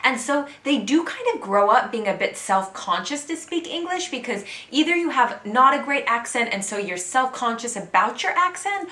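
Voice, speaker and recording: Bright and forceful, this woman's voice sits on the high side, in an echoey room. She's an American in her thirties who vlogs from abroad, talking casually and openly to the camera.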